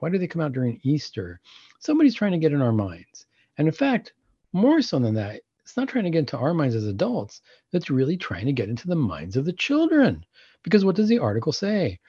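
A man's voice: medium pitch, mellow, slightly rough, no room sound, lo-fi sound. A man hosting a Catholic talk show, commenting on news articles and asking rhetorical questions that he then answers himself.

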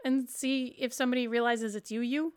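A woman's voice: a little high, steady tone, a little fast, clean tone. A woman hosting a tabletop role-play podcast as game master, chatty and laughing often as she narrates the scene.

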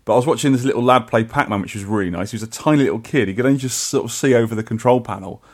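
A man co-hosting a casual podcast talks quickly, tumbling through his stories with frequent restarts. His voice sits at an ordinary middle pitch. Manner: chatty, rambling with restarts. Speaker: podcast co-host. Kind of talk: casual chat.

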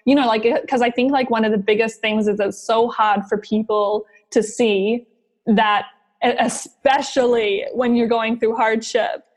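Gushing woman podcast host, flat delivery. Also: fairly high pitch, measured pace. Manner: effusive and encouraging, many "like" fillers. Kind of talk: casual interview chat.

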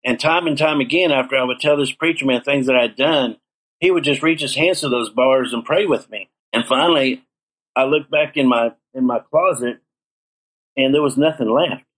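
A man's voice: medium pitch, moderate pace, a bit bright, rough recording. A middle-aged man earnestly telling his life story in an interview, acting out the dialogue he quotes. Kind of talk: personal testimony in an interview.

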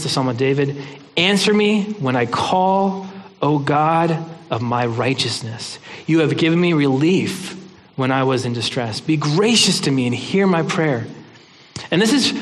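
A man's voice: fairly high pitch, big-room sound. A man giving a sermon in an earnest, conversational way, often restarting his words. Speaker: pastor.

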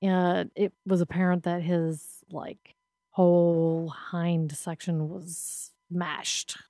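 A woman co-hosting a podcast with a somewhat low voice, telling her part of a story plainly and earnestly. The sound is dry and close, with no room in it. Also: flat delivery, slow pace, mellow, dry recording. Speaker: podcast co-host. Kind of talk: casual chat.

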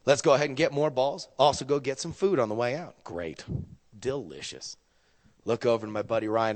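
A young man doing stand-up storytelling, profane and animated, with sudden loud bursts. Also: mid-range voice, normal speed, in a large hall. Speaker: stand-up comedian.

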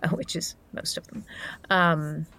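A woman's voice: sits low, steady tone, unhurried, bright, forceful tone. A woman who narrates audiobooks, chatting as a guest in an interview, laughing often between many fillers and restarts. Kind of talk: casual interview chat.

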